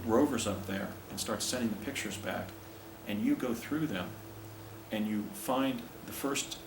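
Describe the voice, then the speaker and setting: A man quoting a calm, matter-of-fact father. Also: fairly low pitch, close to an everyday voice. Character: middle-aged father, calm engineer. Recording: roomy hall from far off, faint hiss.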